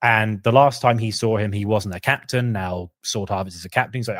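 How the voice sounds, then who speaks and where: A man co-hosting a casual podcast, chatting through a story and acting out characters' lines in quick asides. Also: lowish voice, no echo, clean studio sound. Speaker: podcast co-host. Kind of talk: casual lore discussion.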